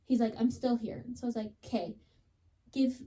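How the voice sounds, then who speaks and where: A woman's voice: a little high, steady tone, quick pace, dark tone. A young woman on a podcast, chatting casually and dramatically retelling a story, with lots of "like.". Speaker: podcast co-host.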